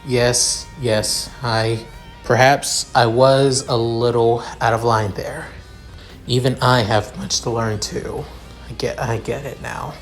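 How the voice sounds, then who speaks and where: A man's voice: mid-range voice, fairly even intonation, slow pace, faint music behind. A man doing a cool condescending young noble. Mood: contrite. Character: haughty young male noble heir.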